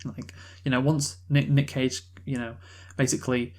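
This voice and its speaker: A man chatting through a film review at a middling pitch, rambling and restarting his sentences. He fills gaps with ums and uhs and drops casual swears. The delivery is loose and unscripted. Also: little pitch movement, normal speed, a little mellow. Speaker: podcast co-host reviewing a film. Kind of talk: casual chat.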